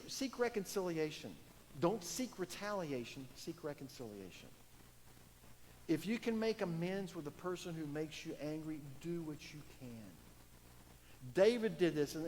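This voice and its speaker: Man preaching in a church, kinda high voice, earnest, big swings from loud to soft, long hall echo. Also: slight background noise. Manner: earnest preaching with emphatic rises and soft drops. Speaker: pastor. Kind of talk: sermon. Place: church sanctuary. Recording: distant church hall reverb.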